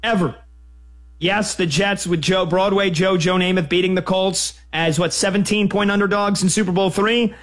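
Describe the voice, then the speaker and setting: A man hosting sports talk radio with a slightly higher voice, energetic and conversational. He talks in a brisk, chatty way and throws in quick asides between calls.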